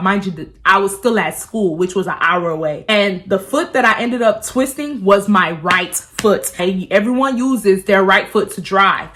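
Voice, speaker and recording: A young woman, telling a casual storytime vlog in a profane, animated way and acting out what people said. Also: medium pitch, normal speed, few pauses. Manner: animated, profane, acts out quotes.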